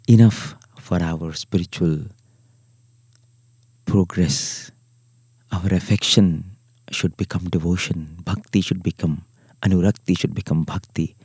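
A man with an Indian English accent, hosting a devotional podcast talk in an earnest, storytelling way, often trailing off softly. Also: low voice, no room sound, clean studio sound. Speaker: spiritual podcast host.

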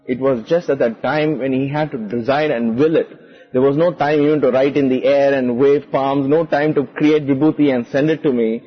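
A man recounting a personal memory in a reflective, halting way, often acting out the words of others. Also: medium pitch, fairly even intonation, slightly rough, big-room sound, muffled recording, soft background music. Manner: reflective, halting, re-enacts quoted speech. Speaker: guest. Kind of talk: personal recollection.

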